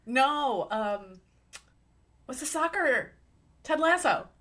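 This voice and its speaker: A woman's voice: sits high, expressive, slow pace, background noise. A woman co-hosting a romance podcast, talking in a casual, easily amused way. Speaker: podcast co-host. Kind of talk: casual chat.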